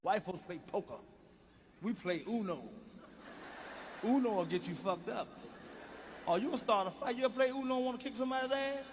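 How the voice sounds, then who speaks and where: High voiced guy doing rowdy standup, lots of noise in the audio. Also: fairly quick, pauses often. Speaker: stand-up comedian. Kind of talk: stand-up comedy. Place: stage in front of a crowd. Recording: noisy stage recording.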